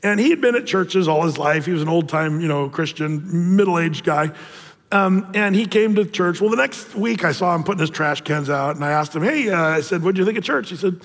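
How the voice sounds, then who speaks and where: High-voiced pastor preaching in a reverberant hall. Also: male voice, a little fast, fairly bright tone. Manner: casual, joking storyteller with many restarts. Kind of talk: sermon. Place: church auditorium.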